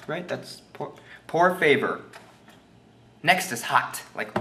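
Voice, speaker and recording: A young man giving a jokey, mock language lesson, goofy and deliberate and unsure of his own facts. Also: medium pitch, lively intonation, bright, forceful tone. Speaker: self-styled language teacher. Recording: roomy echo.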